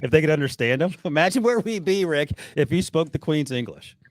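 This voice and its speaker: A man's voice: on the high side, lively intonation, brisk, dry recording. A man hosting a sports podcast in a casual, playfully teasing way. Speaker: podcast host.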